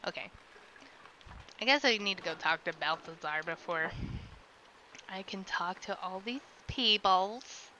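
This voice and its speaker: A woman's voice: mid-range voice, measured pace, pauses often, sharp tone. A young woman casually streaming a video game, playful and silly, chattering along and making sound effects. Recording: slightly dull lo-fi sound with faint noise.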